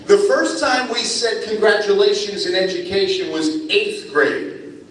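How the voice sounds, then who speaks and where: A man's voice: sits high, a little slow. Man speaking in an echoey hall. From New Jersey. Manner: friendly, animated storytelling. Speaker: guest speaker. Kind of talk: speech to students. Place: school ceremony hall. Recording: echoey hall from far off, faint ambience.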